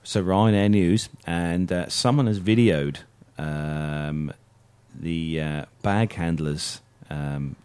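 Very deep-voiced hesitant male news host. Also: slow, darkish tone, clean tone. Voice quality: hesitant, many fillers and coughs. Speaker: host reading aviation news. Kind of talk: casual radio-style news chat.

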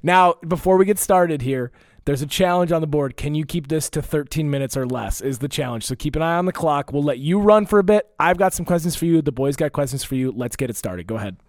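A man's voice: fairly high pitch, lively intonation, fast talker, darkish tone, dry recording, clean studio sound. A young man hosting a casual podcast, joking and teasing his guests. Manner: joking, teasing, laughs often. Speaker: podcast host.

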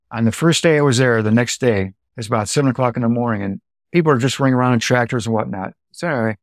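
A middle-aged American man and dairy farmer, telling farm stories in a lively way, acting out what people said and making sound effects. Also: medium pitch, no echo, clean studio sound. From United States. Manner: animated storyteller, acts out quotes and sound effects. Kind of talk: anecdotal storytelling.

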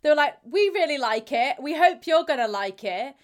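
A young woman with a slightly high voice tells her stories openly and with feeling. She speaks as an interview guest and slips into quick impressions of the people she quotes. She laughs easily as she talks. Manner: animated, acts out quoted voices, laughs readily. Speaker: interviewee, Paralympic athlete. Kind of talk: candid conversational storytelling.

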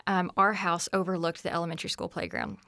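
A woman in her forties, appearing as a podcast guest, talks fast in a lowish, gravelly, sharp and expressive voice on a dry recording. She tells stories about her children in an earnest, reflective way, acting out the family's dialogue.

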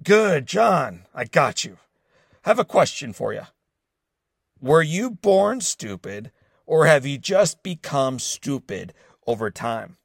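A man's voice: medium pitch, animated, vocal fry, slightly rough, no room sound, clean studio sound. A man playing a grumpy, sarcastic male financial advisor on the phone, stretching out his words to mock. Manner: mocking, drawn-out and slowed for emphasis.

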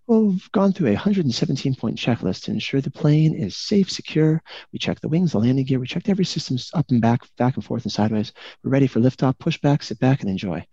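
A man putting on a suave airline captain's announcement voice, low and calm, heard over a dull video call. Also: fast, breathy edge, dry recording.

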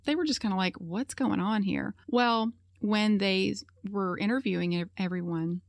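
A woman's voice: lowish voice, no echo, clean studio sound. A woman hosting a podcast, telling a true-crime story in a casual, chatty way with lots of "you know" fillers. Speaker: podcast host.

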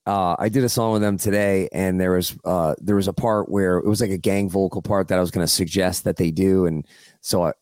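Low-voiced male podcast host. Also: fairly even intonation, a little fast, darkish tone, no echo, studio quality. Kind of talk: casual chat.

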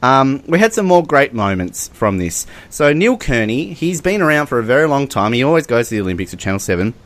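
A man co-hosting a casual comedic podcast, animated and prone to laughing. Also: medium pitch, fairly quick. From Australia. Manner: animated and giggly, often breaks into laughter. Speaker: podcast co-host.

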